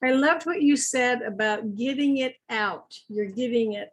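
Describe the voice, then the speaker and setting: A woman hosting an interview, asking thoughtful, measured questions. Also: fairly high pitch. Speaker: interviewer host.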